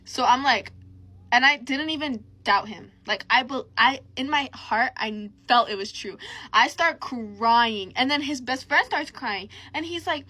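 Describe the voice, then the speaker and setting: A woman's voice: sits high, unhurried. A young woman telling a messy personal story in a casual, slangy vlog style, full of fillers and quoted dialogue. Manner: animated, slangy, lots of fillers.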